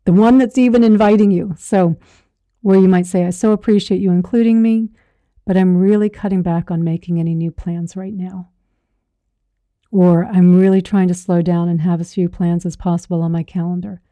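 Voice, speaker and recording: A woman spiritual teacher giving a calm, encouraging lesson, coaching listeners to breathe and speak confidently. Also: fairly low pitch, normal speed. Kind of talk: gentle guided teaching.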